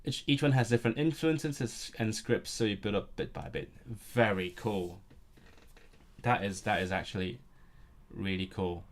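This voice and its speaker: A man with a lowish voice chats on a live stream. He rambles, restarts his sentences often and keeps an easy, casual flow. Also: moderate pace. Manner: rambling, chatty, many restarts. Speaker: language streamer.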